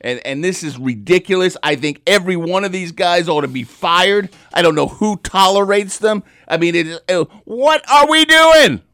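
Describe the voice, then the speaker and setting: A man's voice: sits high, moderate pace, hardly any pauses, fairly bright tone, no echo. A man on a talk panel, giving his opinion in a fired-up, emphatic way and repeating words when he gets worked up.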